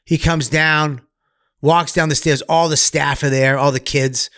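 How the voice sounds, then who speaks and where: A middle-aged man tells a raw story from his past in a podcast interview. He swears freely and gets animated, shouting out the lines of the people he remembers. The recording is dry and close. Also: fairly high pitch, measured pace, no echo. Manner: profane, animated, acts out other people's voices loudly. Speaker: comedian guest. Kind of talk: candid storytelling in conversation.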